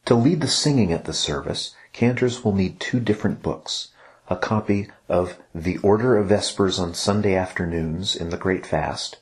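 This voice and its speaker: A man explaining, step by step, how cantors lead a church service, in a patient instructional podcast. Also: low-pitched. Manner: patient explaining, breaks into chanted examples.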